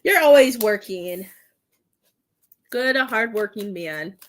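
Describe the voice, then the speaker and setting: A woman's voice: mid-range voice, animated, slow pace. A woman working as a psychic medium, chatting through a live tarot and mediumship reading in a giggly, rambling way with many fillers.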